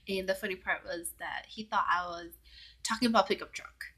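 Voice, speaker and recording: A woman's voice: mid-range voice, fairly even intonation, fairly quick, sharp tone, slightly rough. Chatty young woman telling a story. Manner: chatty, full of "like" fillers, drops to a whisper at times. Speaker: vlogger. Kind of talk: casual storytelling vlog.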